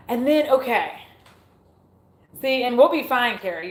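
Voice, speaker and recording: A woman's voice: fairly high pitch, normal speed. A young woman is talking casually on her livestream at home. She giggles often, pokes fun at herself and swears freely. Her voice carries a roomy echo. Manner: giggly, self-mocking, swears freely, goofs on words. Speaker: beauty YouTuber hosting a livestream.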